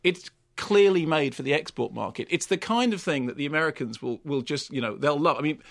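Gravelly, wry male film critic. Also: fairly high pitch, expressive, a little fast, no echo, studio quality. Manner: arch, wry and theatrical. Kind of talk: radio film review chat.

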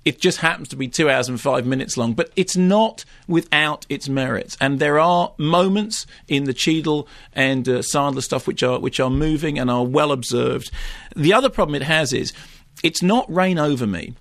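A man reviewing films on a radio show, ranting rapidly and sardonically about a movie's flaws. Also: on the high side, a bit bright, dry recording, studio quality. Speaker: film critic. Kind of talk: radio film review chat.

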